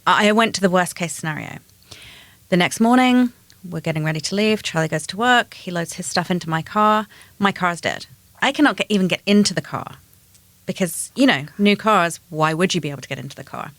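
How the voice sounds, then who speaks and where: A woman co-hosting a podcast, telling a personal story in quick, animated bursts. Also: lowish voice, no room sound. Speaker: podcast co-host. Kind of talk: casual chat.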